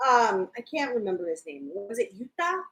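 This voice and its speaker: A woman's voice: a little high, sing-song, moderate pace, a bit bright, echoey room, low-quality recording. A woman co-hosting a casual fan discussion livestream, chatty and recapping scenes with quoted lines. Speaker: podcast co-host.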